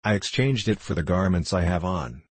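A man's voice: low voice, expressive, normal speed, slightly rough, dry recording. Man reading as a rambling drunken ex-clerk. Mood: despairing. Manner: pleading, rambling, rising to fervent declaiming. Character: drunken middle-aged male ex-clerk, self-pitying, fervent. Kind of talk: audiobook character reading.

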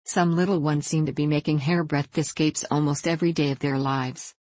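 Calm thoughtful aunt in a storybook, low and dry, woman reading her. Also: a little fast, no echo.

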